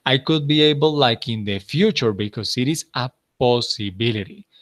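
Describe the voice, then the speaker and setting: A man's voice: medium pitch, moderate pace, fairly bright tone. A man teaching an English class, patiently repeating answers and praising his students.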